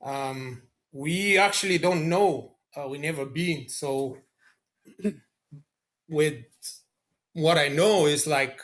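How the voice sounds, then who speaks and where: Slow, halting male guest. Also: on the high side, fairly bright tone. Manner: halting, many fillers. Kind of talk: interview answers.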